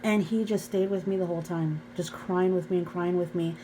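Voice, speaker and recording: A woman's voice: fairly low pitch, fairly even intonation, a little fast, mellow, slight background noise, rough recording. Earnest woman telling a personal story. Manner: earnest, emotional, addresses viewers as "you guys". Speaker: faith vlogger.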